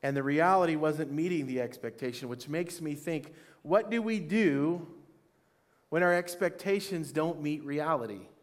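A man's voice: on the high side, moderate pace. Preaching man, reading scripture with rising fervor. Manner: reads scripture aloud and rises to shouted praise lines; calls questions to the congregation. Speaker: pastor. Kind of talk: sermon.

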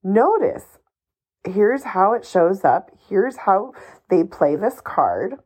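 A woman hosts her own advice podcast, speaking at an unhurried, deliberate pace. She is emphatic and encouraging, a little ranty at times, and drops a casual swear word now and then. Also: medium pitch, sing-song, a little mellow, husky. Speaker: podcast host. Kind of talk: solo podcast advice monologue.

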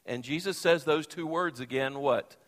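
A man preaching a sermon from the pulpit, expressive, acting out the Bible quotes he tells. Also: fairly high pitch, moderate pace. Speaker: pastor. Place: church sanctuary. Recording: long reverb of a church hall.

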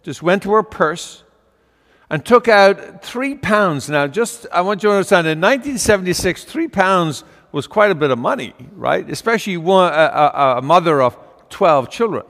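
A man's voice: high voice, animated, normal speed, a bit bright, long reverb tail. An older man preaching a storytelling homily in a folksy way, with fillers and asides.

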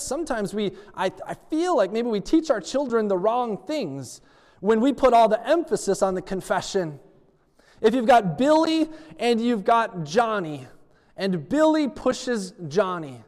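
A man's voice: sits high, a little mellow, big-room sound. A man preaching a sermon as pastor, telling stories and acting out the dialogue of the people in them. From United States. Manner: storytelling preacher who acts out dialogue.

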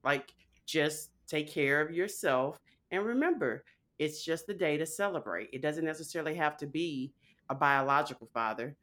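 A woman's voice: low voice, expressive, normal speed, fairly bright tone. A woman co-hosting a podcast in casual chat, playful and laughing often. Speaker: podcast co-host.

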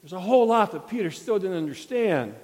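A man with a high voice delivers a sermon from the pulpit. He retells a story dramatically, acting out the quotes. His words carry a long reverb through a church sanctuary. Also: animated, fairly quick, darkish tone. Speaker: pastor.

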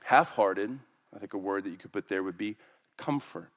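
A man preaching a sermon as pastor, acting out quoted voices with big jumps in pitch. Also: normal speed.

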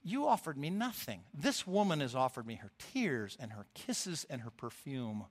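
A man voicing a calm, gentle male teacher who speaks quietly, low and measured. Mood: gently rebuking.

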